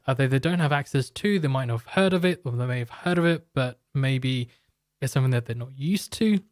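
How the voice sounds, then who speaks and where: A man hosts a live market stream, offering market commentary and a product pitch in a loose, rambling way while joking with chat viewers. His voice is a little high, with clean studio sound and no echo.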